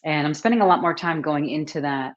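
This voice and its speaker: A woman hosting a casual live stream, chatting warmly and greeting viewers by name as she talks. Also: sits low, brisk. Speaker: host, author and coach. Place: at home, book behind her. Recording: slightly dull, lo-fi sound.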